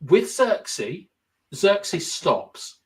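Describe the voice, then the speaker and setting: A man's voice: high-pitched, sing-song, drawn-out words, a little mellow. A young man co-hosting a casual football podcast, explaining tactics at length and thinking aloud with lots of fillers. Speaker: podcast co-host.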